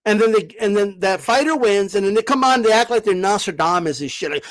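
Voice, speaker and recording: A man's voice: high-pitched, lively intonation, fairly quick, hardly any pauses, dry recording. A man hosting a boxing channel, talking in a casual, emphatic monologue. He swears freely, keeps tagging lines with "okay?", and stammers and restarts when he gets heated.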